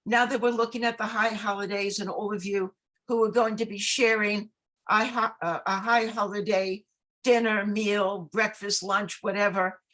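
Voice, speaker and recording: Woman host, halting intro with fillers and self-corrections, video call. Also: mid-range voice, a bit bright. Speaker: event host. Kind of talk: program introduction.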